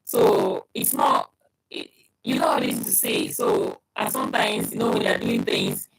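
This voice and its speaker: A man with a strong accent talks through casual advice, repeating his points and addressing the listener directly. His voice is extremely low and gravelly, with a husky edge. His pitch swings widely as he makes each point. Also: wildly swooping pitch, normal speed, fairly bright tone, rough recording. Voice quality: strong accent he describes himself. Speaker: vlogger giving advice on moving abroad.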